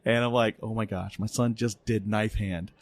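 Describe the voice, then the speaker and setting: A middle-aged man hosting a podcast, telling a family story in an animated, laughing way at a conference. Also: lowish voice, normal speed. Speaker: podcast host. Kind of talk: casual interview chat. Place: conference venue.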